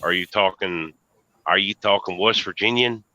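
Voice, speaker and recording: A man with a light Southern US accent chatting on a stream, firing off questions with halting restarts. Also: low-pitched, pushed and bright, no room sound. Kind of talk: casual chat. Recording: dull lo-fi mic.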